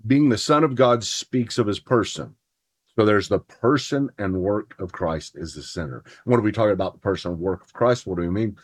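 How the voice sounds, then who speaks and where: A man with a low voice and a husky, slightly rough texture hosts a podcast. He chats about theology in an earnest, conversational way, partly reading from notes and building to firm, emphatic points. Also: brisk. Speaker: podcast host. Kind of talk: casual theology chat, partly read from notes.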